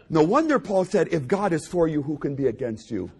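A man preaching a sermon, repeating lines for emphasis and dropping from loud declarations to hushed, low phrases. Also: big pitch swings, a little fast, creaky, hardly any pauses, a little hiss or hum.

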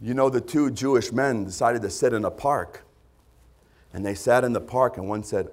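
A man pastor delivering a conversational sermon to his congregation, breaking now and then into loud put-on voices. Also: lowish voice, normal speed.

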